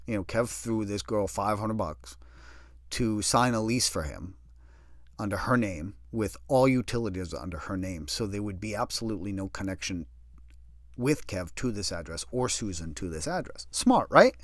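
A man telling his own story in a sardonic, animated way, acting out what other people said. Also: mid-range voice, no echo, studio quality. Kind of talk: personal storytelling.

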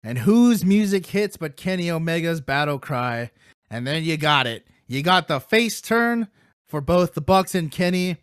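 A man hosting a podcast in casual chat, excitable, rambling and playfully brash, eating while he talks. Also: on the high side, measured pace, clear, resonant tone, no echo, clean studio sound. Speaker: podcast host.

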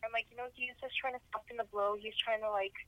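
A woman co-hosting a casual podcast, giving blunt, animated commentary on a drama. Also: on the high side, fast, dry recording, highs cut off. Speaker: podcast co-host. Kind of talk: casual chat.

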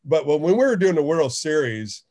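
A middle-aged man, a baseball radio host, telling stories in a casual interview and acting out quotes in a higher voice. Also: moderate pace. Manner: animated, acts out quotes in a higher voice.

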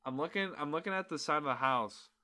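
A man with a bright, forward voice tells a story on a casual podcast. He swears freely and acts out what other people said with lively energy. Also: a little high, quick pace. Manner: animated, profane storyteller who acts out quotes. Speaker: podcast co-host.

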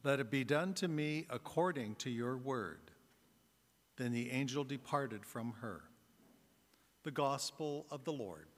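Deacon reading the gospel, slow and steady, church reverb all around. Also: male voice, medium pitch. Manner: slow, measured proclamation. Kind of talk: scripture reading.

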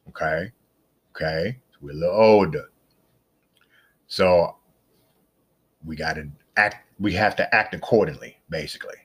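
A middle-aged man hosting a casual solo podcast, chatty and rambling, who repeats himself and jumps up into excited exclamations. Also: lowish voice. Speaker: podcast host.

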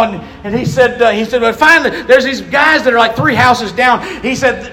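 A man preaching a sermon, telling a story with animated, acted-out quotes that build in intensity. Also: very high voice, moderate pace, few pauses, slight background noise. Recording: echoey hall.

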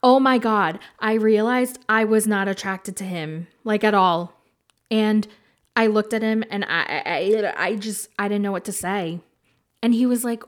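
Podcast host, female, mid-range voice, casual storytime chat, animated and frank. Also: medium pitch, a little slow. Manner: animated, candid, swears freely.

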